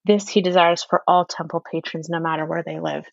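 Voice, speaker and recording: A woman's voice: deep voice, level tone, a little fast, vocal fry, no room sound. Earnest woman reading quotes aloud. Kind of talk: casual religious discussion. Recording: dry, slightly muffled audio.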